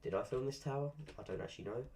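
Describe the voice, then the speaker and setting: A man's voice: mid-range voice, racing, a little mellow, a little hiss or hum. A man with a cold and a stuffy voice, giving casual gameplay commentary with dry, grumbling, self-mocking asides. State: congested from a cold. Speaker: gaming streamer.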